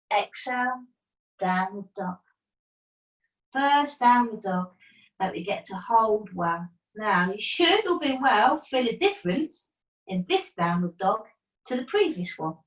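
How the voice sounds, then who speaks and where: A woman teaching a yoga class from home over a video call, giving calm breath cues with playful asides. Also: fairly high pitch, slow pace, long pauses. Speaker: yoga instructor. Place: at home, partner downstairs. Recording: roomy, distant from the mic.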